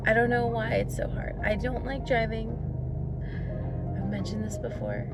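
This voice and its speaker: A woman's voice: fairly high pitch, big pitch swings, normal speed, over loud music. A young woman vlogger chatting casually and rambling about her running plans, with filler words. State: out of breath after running. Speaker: fitness vlogger. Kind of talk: casual vlog chat.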